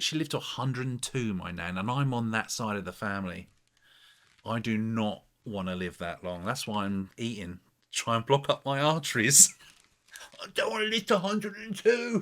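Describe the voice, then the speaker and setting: A man's voice: medium pitch, fairly bright tone. A man rambling through a casual album review, full of fillers and asides.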